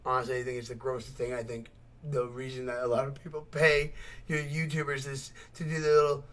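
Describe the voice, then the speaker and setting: A man hosting a reaction video, talking in a rambling, excitable way full of swearing and mocking asides. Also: medium pitch, fairly quick. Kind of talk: casual profane reaction commentary.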